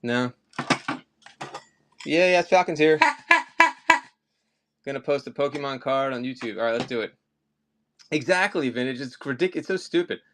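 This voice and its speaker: A man's voice: mid-range voice, sing-song, unhurried, pauses often, background noise. A man in a middle register runs a live collectibles auction. He chats loosely and wanders off topic before snapping back to prices. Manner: rambling, chatty, often off topic. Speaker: live-stream collectibles seller. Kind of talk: casual live-stream chat.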